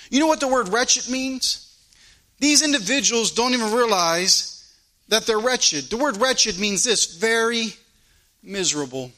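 A man preaching an impassioned sermon, swinging from loud exhortation to hushed pleading. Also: sits high, animated, normal speed. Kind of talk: fiery sermon.

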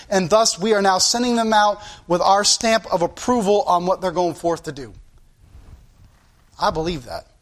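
Pastor, man, high voice, earnest sermon delivery with playful sound effects. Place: church.

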